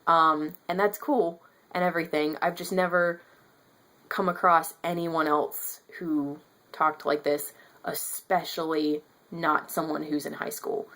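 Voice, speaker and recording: A woman in her twenties talks through a book review in a casual vlog, thinking aloud and filling pauses as she goes. Her voice sits low, with a gravelly fry at the ends of her phrases. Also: level tone, a bit bright. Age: 20s. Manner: chatty, thinks aloud with many fillers.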